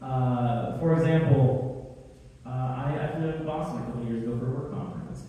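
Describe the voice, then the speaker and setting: A man's voice: mid-range voice, normal speed, lo-fi sound. A young man performing a stand-up comedy set on a club stage, with a dry, self-deprecating delivery full of fillers. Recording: roomy club sound, heard from a distance.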